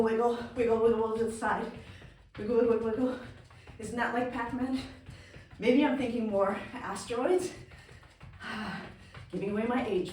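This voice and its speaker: A woman's voice: a little high, heavy reverb, far from the mic, a little hiss or hum. A woman Pilates instructor giving chatty, encouraging cues, breathing hard as she exercises along. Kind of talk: workout instruction.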